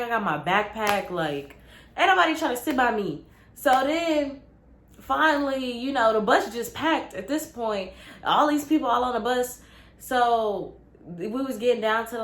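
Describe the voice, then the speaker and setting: A young woman vlogger telling a casual, animated story with lots of slang. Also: a little high. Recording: roomy with faint ambience.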